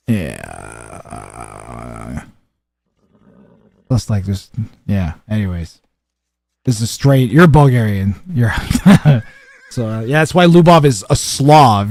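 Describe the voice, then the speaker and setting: Brief: young male streamer, mellow and dark tone, dry close sound, casual rambling chat and game commentary. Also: on the low side, sing-song, slow pace, creaky, long pauses, no echo. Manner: rambling, chatty, many fillers and restarts.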